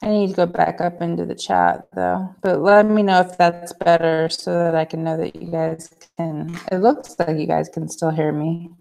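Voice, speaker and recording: A woman's voice: lowish voice, flat delivery, normal speed, creaky, few pauses, darkish tone. A woman hosting a casual livestream, chatting with viewers, reading comments aloud and laughing easily. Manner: chatty, laughs often, reads chat aloud. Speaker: livestream host. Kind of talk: casual live-stream chat. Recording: glitchy livestream audio.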